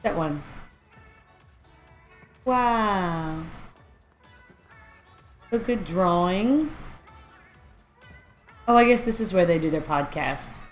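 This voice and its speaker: A woman's voice: lowish voice, animated, extremely slow, long pauses, faint music behind. A woman streaming a video game live, chatting casually and rambling as she reacts aloud to what she sees. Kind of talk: casual live-stream chat while playing.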